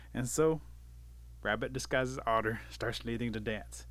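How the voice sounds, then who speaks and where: A man telling an animal folk tale aloud in a lively, dramatic way. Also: mid-range voice, a little slow. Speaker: storyteller. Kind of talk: oral folk storytelling.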